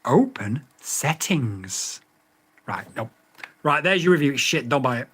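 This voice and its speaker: A man's voice: a little high, fairly quick, sharp tone. A man reviewing a drone radio in a casual vlog, getting exasperated and swearing as he repeats voice commands.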